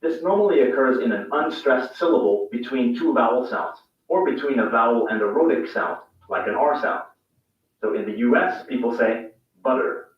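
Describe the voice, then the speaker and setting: A man giving scripted, clearly explained narration in a pronunciation video that compares accents. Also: mid-range voice, moderate pace. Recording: distant, echoey, dull playback.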